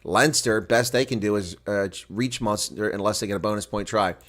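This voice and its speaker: Excitable male rugby play-by-play commentator. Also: normal speed. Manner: excitable, bursts loud and high on big plays. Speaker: live reaction rugby commentator.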